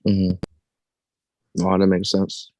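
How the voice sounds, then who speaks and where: Low mellow guy in a group call, kinda hesitant, lots of ums. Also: monotone, no echo. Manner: hesitant, halting with fillers. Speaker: support group participant. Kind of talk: casual group discussion.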